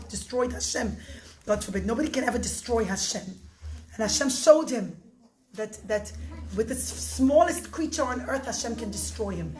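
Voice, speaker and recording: A woman telling a story to children in an expressive way, often calling out to them directly. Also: a little high, a little hiss or hum. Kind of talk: animated storytelling. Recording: echoey room.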